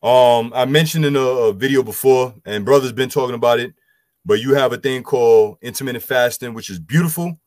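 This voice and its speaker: A man's voice: medium pitch, a little fast, darkish tone, no echo. A man, loosely explaining scripture and health to a group with lots of "you know" fillers. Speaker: group discussion speaker. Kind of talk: casual scripture teaching.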